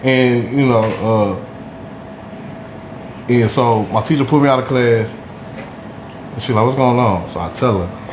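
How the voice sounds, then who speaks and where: A man's voice: medium pitch, slow pace, long pauses. A man, a podcast guest telling a story from his school days in a loose, slangy way that is full of "you know what I'm saying". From Durham, North Carolina. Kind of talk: casual storytelling. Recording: echoey room, faint background hum.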